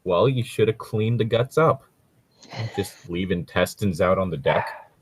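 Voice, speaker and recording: A man's voice: low-pitched, unhurried, husky. A man with a lisp, acting as game master and chatting casually with his players. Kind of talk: casual tabletop game chat.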